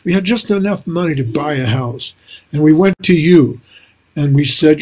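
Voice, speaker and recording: An older man, a spiritual teacher and author, tells reflective stories in an animated, chuckling way, speaking over a video call from a small room lined with books. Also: fairly high pitch, normal speed. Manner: animated, chuckling storyteller who acts out dialogue. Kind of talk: reflective storytelling interview.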